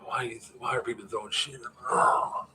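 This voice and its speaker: A man's voice: medium pitch, fairly even intonation, normal speed, bright, forceful tone, a little hiss or hum. A man organizing an airsoft event, giving a casual, rambling livestream update full of fillers and answering questions from chat.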